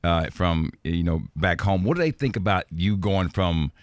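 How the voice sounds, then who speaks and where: A male interview host with a very deep voice and a lively, swooping delivery. He asks eager questions and stumbles over repeated words as he starts. The recording is close and dry. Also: moderate pace, no room sound. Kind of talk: casual interview chat.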